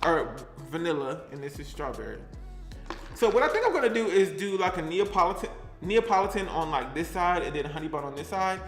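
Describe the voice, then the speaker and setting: A man's voice: a little high, big pitch swings, fairly quick, echoey room, faint music behind. A young man chatting sassily to the camera while he cooks, with a playful, easygoing manner. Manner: sassy, chatty, talks to the camera and to his things. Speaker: cooking vlogger. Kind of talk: casual cooking vlog.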